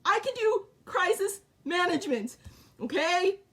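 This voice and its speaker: Woman, middle-aged, high voice, short repetitive statements, casual monologue. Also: big pitch swings, a little slow. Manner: short, repetitive declarative sentences. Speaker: vlogger.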